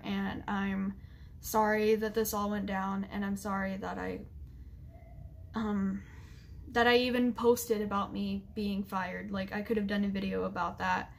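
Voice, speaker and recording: A young woman vlogger talking straight to camera, halting and full of fillers as she fights back tears. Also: mid-range voice, creaky, a little hiss or hum. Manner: halting, with many fillers and restarts. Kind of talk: emotional apology vlog.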